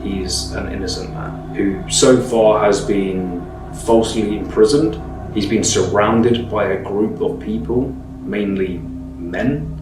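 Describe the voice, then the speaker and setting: Man explaining laws over faint music. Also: on the low side. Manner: measured, explanatory, disapproving. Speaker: commentator. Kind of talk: reaction commentary explaining law. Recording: roomy, distant mic, faint music.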